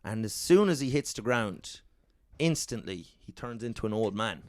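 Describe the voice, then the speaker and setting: A man's voice: lowish voice, lively intonation, moderate pace, no echo, clean studio sound. A young Irish man telling an old legend as a profane comic yarn on a podcast, laughing often. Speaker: podcast storyteller. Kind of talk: casual comic storytelling.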